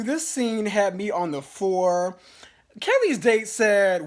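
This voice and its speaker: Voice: mid-range voice, slow. A vlogger giving a casual, profane, gossipy TV episode review, full of fillers and restarts. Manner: chatty, blunt, profane, gossipy; fillers and restarts, lively swings in loudness.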